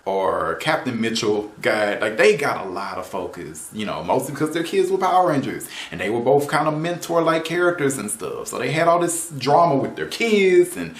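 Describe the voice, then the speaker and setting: Dude ranting about a tv season, voice jumping all over, kinda echoey room, laughs a lot. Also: male voice, medium pitch, normal speed, hardly any pauses. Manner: animated, laughing, exasperated, says "man" and "right?" a lot. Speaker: video reviewer. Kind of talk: casual opinion rant. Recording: roomy echo.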